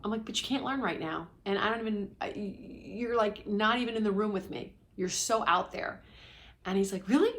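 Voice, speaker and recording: Animated mom vlogger, sometimes whispering. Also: female voice, medium pitch, brisk. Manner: animated storytelling, at times dropping to a whisper. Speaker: parenting coach for ADHD families. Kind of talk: casual confiding vlog. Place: indoors at home.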